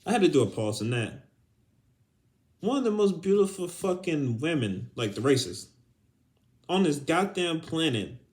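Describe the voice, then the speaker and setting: A man's voice: fairly high pitch, very animated, measured pace, pauses often, a little mellow. A young adult man hosting a podcast, ranting casually with heavy swearing and bursts of laughter. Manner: profane, heated, breaks into laughter. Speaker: podcast host.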